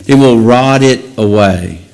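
A man's voice: mid-range voice, slow, a little mellow, clean tone, rough recording. A man preaching a sermon and reading scripture aloud, earnest, often building to emphatic raised passages.

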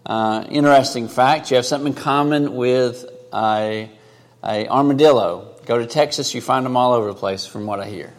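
A man preaching a sermon in an earnest, conversational way, rising for emphasis and dropping low and quiet for asides. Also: normal speed, in a large hall. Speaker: pastor.

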